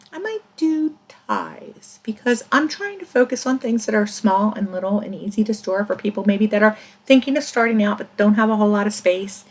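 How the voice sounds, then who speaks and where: A chatty middle-aged woman talks through her finds at an easy, even pitch, rambling from one thought to the next. She laughs now and then, and hiccups break into her casual chat. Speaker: reseller vlogger.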